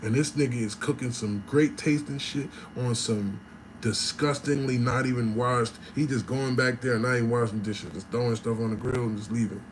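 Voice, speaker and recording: A man spins a story to camera in a loose, animated, slang-heavy way, swearing freely and lifting into impressions. His voice sits at a middling pitch and carries some echo in a roomy space, with faint background ambience. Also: moderate pace, slight background noise. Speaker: vlogger.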